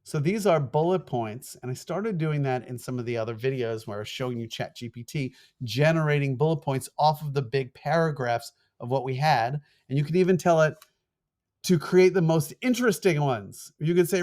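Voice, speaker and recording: A middle-aged man with a New York accent, a former TV producer lecturing fast in an online course and acting out quoted emails. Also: a little high. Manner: fast-talking, animated, acts out quoted emails.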